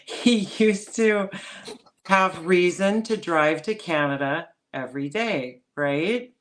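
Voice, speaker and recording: A woman's voice: on the low side, slow. Woman, from northern Minnesota, chatty storyteller, laughs a lot, casual podcast talk. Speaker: podcast co-host.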